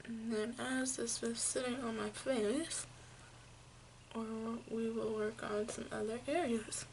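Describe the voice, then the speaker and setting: A woman talks through a makeup tutorial at an unhurried pace, calmly explaining each step with plenty of "um"s. Her voice has a gravelly, fry-tinged edge, and a faint hiss of room noise sits behind her. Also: on the high side. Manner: slow, gentle step-by-step explaining with fillers. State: hiccups. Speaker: makeup vlogger.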